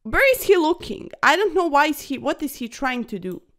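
A woman chess streamer giving casual, excitable commentary over fast games, chatty and a little breathless, tacking "sir" onto her sentences. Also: high-pitched. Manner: excitable, chatty, keeps saying "sir", laughs often.

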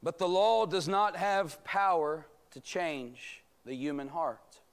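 This pastor's voice is a little high, and he takes things slowly while teaching a church Bible study. He preaches with emphasis and rhetorical flourish, drawing calls of amen from the congregation, in a church sanctuary recording.

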